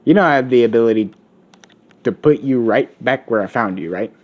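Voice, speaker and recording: A man's voice: mid-range voice, brisk, highs cut off, close to an everyday voice. A man voicing a smug, boastful teenage boy genius in a spoken story. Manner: cocky, boastful.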